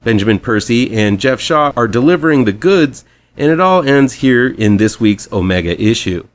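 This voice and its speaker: A man's voice: mid-range voice, expressive, normal speed. A man hosting a weekly horror comics show, reading a scripted rundown with chatty, fan-like enthusiasm.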